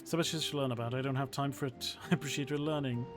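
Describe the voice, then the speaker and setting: Portuguese-born man in his thirties, British-sounding accent, mid-pitched, articulate streamer, game music playing behind. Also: fairly even intonation. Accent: British-sounding English. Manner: articulate, measured, chatty with viewers. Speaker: historian streaming a strategy game. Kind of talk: casual livestream chat and game commentary.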